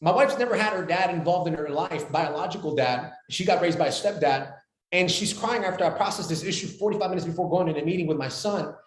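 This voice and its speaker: A man in his forties talks quickly with a high voice and stacks up repeated phrases for emphasis. He speaks as a podcast guest. The echoey room rings behind him. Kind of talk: animated podcast talk.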